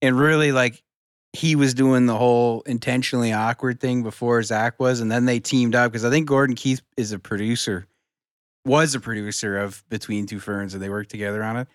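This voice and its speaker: A man's voice: mid-range voice, fairly even intonation, a little fast, dry recording, clean studio sound. A man co-hosting a podcast, cracking jokes and rambling through explanations in casual chat. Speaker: podcast co-host. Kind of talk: casual chat among friends.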